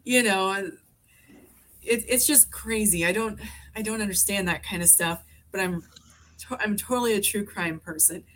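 A woman's voice: medium pitch, normal speed, a bit bright, slight background noise. A woman in her forties, a podcast guest from Alaska, chatting in a rambling way full of fillers and restarts. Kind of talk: casual conversation.

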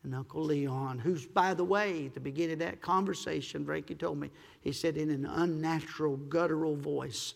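A male pastor preaching a storytelling sermon, emphatic, acting out the people in his stories and rising to loud peaks. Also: a little high, steady tone, normal speed, vocal fry. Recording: long hall reverb.

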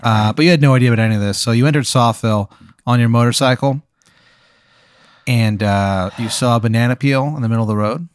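A man spins an improvised tale in a loose, deadpan ramble, stopping and restarting his sentences often. His voice sits at an ordinary pitch. The recording is close and dry, with no room sound. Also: fast, clean tone, no echo. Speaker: podcast host spinning an improvised story. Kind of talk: casual improv chat.

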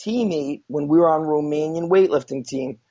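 A man voicing an older male weightlifting coach who exclaims loudly, on a dull lo-fi recording. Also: on the high side, moderate pace. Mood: amazed. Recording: dull lo-fi sound.

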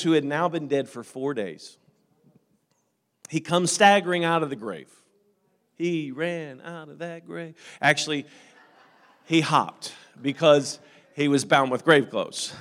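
A man with a high voice preaching to a congregation. He tells stories quietly, stumbling and repeating words, then rises to loud, fervent calls. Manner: repeats words and restarts often while telling stories. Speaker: pastor. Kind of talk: sermon.

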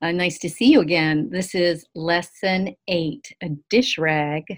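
A woman teaching a recorded Bible lesson over screen share, earnest and animated, acting out the quotes she reads. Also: on the low side, measured pace. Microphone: screen-share video call.

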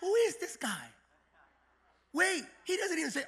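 A man preaching a sermon in a church, swinging from quiet storytelling to shouted, fired-up climaxes. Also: very high-pitched, very animated, normal speed. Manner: preaching with sudden shouted climaxes and acted-out quotes. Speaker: pastor.

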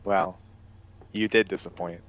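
A man's voice: deep voice, fairly even intonation, unhurried, fairly bright tone. A man chatting as a podcast co-host, dry and teasing. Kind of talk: casual chat.

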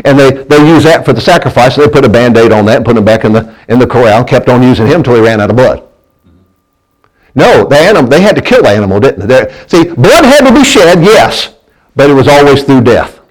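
A man's voice: mid-range voice, sing-song, brisk, rough recording. A man preaching a sermon, in a folksy manner that keeps asking the congregation to answer back and often stumbles and restarts his words. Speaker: pastor.

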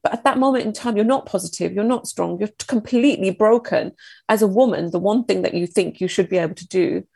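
A woman in her thirties, a podcast guest, recounting a painful personal story in a halting, emotional, reflective way. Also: lowish voice, creaky, dark tone, slightly rough, no room sound.

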